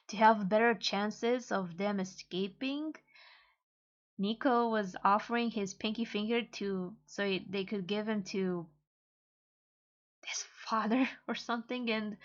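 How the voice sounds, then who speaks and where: A woman casually reading and translating a comic aloud, halting and hesitant with many pauses and fillers. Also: mid-range voice, highs cut off. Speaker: manga reader and translator.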